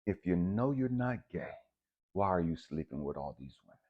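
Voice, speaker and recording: Man doing a calm god voice, deep, husky, quiet steady questions. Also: moderate pace, phone-quality sound. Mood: calm probing. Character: calm, probing voice of God, male.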